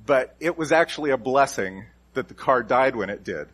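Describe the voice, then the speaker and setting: A man's voice: mid-range voice, expressive, moderate pace, fairly bright tone. A man preaching a sermon as a pastor, emphatic and repeating key phrases with shifting stress.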